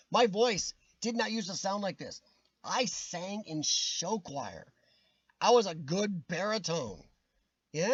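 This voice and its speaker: A man's voice: high-pitched, fairly bright tone, no room sound, dull audio. A man hosting a casual livestream chat with a worn, nasal voice that sometimes cracks, jokey and rambling with frequent laughs. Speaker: livestream host. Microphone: webcam.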